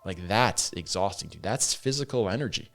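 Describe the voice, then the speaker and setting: A man's voice: fairly low pitch, expressive, moderate pace, a bit bright, soft background music. A man hosting a casual solo podcast and talking candidly, swearing freely and saying "man" and "dude" as he goes. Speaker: podcast host.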